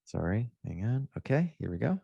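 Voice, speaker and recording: A man's voice: medium pitch, big pitch swings, normal speed, gravelly, dark tone, husky, no room sound, muffled recording. A man, a mindset coach guesting on a podcast, telling a story casually, laughing and acting out the messages he quotes.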